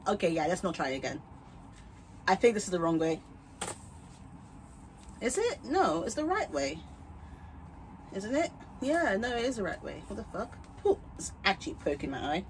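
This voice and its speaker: A young woman talks through a casual home review in a bubbly, rambling way, laughing often and dropping the odd swear word. Her voice sits at an ordinary middle pitch, with a faint hum of background noise. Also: very animated, normal speed, pauses often. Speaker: vlogger reviewing wigs.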